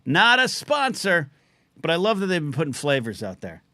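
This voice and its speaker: A middle-aged man hosting a live call-in stream, chatting loosely and reading out chat names, his throat a little scratchy from shouting. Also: fairly high pitch, huge pitch swings, no room sound, studio quality. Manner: chatty, quick asides, reads out chat names. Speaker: livestream call-in show host. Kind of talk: casual rambling live-stream talk.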